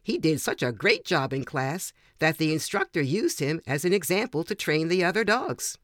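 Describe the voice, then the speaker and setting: Older woman, author, reads a personal anecdote in a measured, gentle manner with a dry close mic. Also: low-pitched, lively intonation, no echo. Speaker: author reading her own story. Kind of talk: personal story reading.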